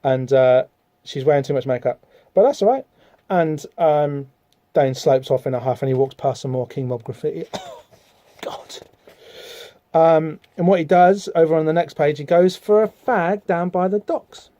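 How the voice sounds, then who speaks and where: A man's voice: on the high side, normal speed, warm tone, no echo. A man hosting a podcast, talking casually about a comic book with lots of fillers and rambling asides. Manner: rambling, chatty, many fillers, reads out dialogue in voices. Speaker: podcast host.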